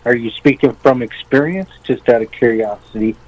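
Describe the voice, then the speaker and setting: A man calling in to an advice show, telling his story in a halting, deadpan way. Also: medium pitch, muffled recording. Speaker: caller. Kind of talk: prank call-in chat.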